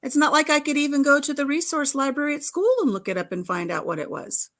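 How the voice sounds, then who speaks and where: Speaking fast in a high, somewhat bright voice, this middle-aged woman runs a laid-back livestream. She giggles and chats her way through stories from her childhood, with a dose of playful innuendo.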